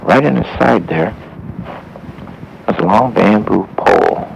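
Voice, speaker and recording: A man tells a Christian story in a halting way, pausing and going back over his words. His voice is low and very gravelly, with faint wind noise behind it. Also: poor audio. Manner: halting, with pauses and restarts. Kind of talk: spoken Christian story for listeners.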